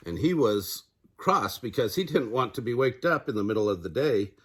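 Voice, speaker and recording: An older man, a grandfather, narrating a children's picture book aloud in a gentle storyteller manner. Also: medium pitch, expressive, moderate pace, slight background noise.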